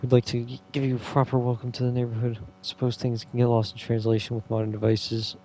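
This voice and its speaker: A man's voice: mid-range voice, completely flat delivery, fast talker, a little mellow, slight background noise, close to an everyday voice. A man reading aloud the lines of a polite, anxious neighbour issuing warnings in a game. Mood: earnest.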